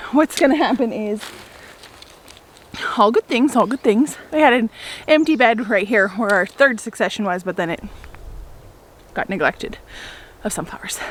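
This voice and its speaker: A woman's voice: fairly high pitch, a little hiss or hum. Chatty young woman vlogging outdoors on a farm. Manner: chatty and upbeat, laughing often. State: a little out of breath. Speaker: flower farmer and homesteader. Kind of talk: casual vlog talking to camera. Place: outdoors on a farm, in a flower garden.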